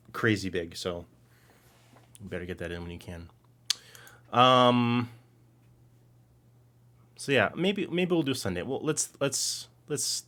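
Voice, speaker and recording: A man co-hosting a live stream, chatting casually and excitedly, reading out viewer comments and rambling. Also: fairly low pitch. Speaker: co-host.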